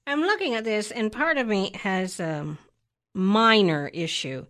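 A woman's voice: mid-range voice, expressive, unhurried, a bit bright. Middle aged woman on a chat podcast, dry and matter of fact, sticks to her point. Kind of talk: casual chat.

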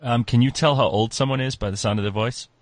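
A man's voice: medium pitch, fast talker, slight background noise. Easygoing man in his late thirties. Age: late 30s. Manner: easygoing, runs the segment. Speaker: podcast host. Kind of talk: casual chat.

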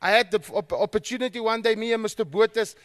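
Preacher, high voice. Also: male voice, a bit bright, no echo, clean studio sound. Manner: short phrases, pausing for an interpreter. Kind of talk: prison revival testimony sermon.

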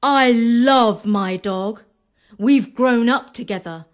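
A woman's voice: on the high side, slow, pitched above the performer's own voice. A woman voicing an earnest, loyal young prince in a storybook reading, speaking plainly and sincerely.

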